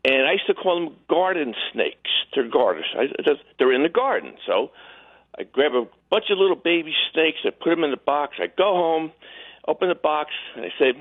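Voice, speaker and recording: A man calling in to a talk show, telling stories in an animated way and acting out the quotes in voices. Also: a little high, a little fast. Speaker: caller. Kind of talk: storytelling on a call-in show. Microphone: telephone. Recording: tinny phone line.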